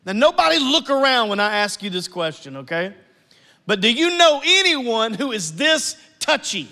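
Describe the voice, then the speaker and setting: A man preaching a sermon to his church, animated and acting out family scenes. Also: very high voice, unhurried, in a large hall. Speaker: pastor.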